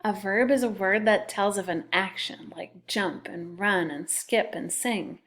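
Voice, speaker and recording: A woman teacher speaks slowly and patiently to young children, stretching out each syllable. She spells words letter by letter in a gentle, unhurried lesson voice. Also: mid-range voice. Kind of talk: recorded classroom phonics lesson.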